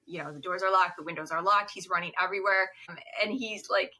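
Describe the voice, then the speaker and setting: A young woman co-hosting a podcast, retelling film scenes in casual chat and acting out quotes in high, laughing bursts. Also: quick pace, bright, forceful tone. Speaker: podcast co-host.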